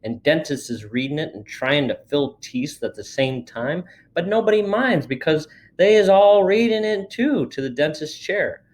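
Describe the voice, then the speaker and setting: A man reading a children's book aloud in a lively storytelling manner. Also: fairly high pitch, normal speed, few pauses. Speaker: reader.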